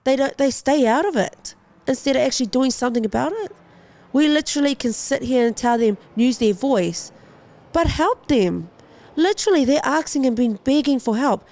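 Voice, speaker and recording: A woman's voice: high-pitched, lively intonation, moderate pace, a little mellow. A young adult woman, a boxing champion, telling a personal story as a podcast guest in an impassioned, urgently pleading way.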